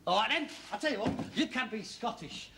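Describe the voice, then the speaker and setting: An actor playing a sarcastic, mocking middle-aged son in a sitcom. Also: male voice, high-pitched, expressive, brisk, noisy background. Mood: coaxing. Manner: sarcastic, mocking, bursts into silly put-on voices. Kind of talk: sitcom acting.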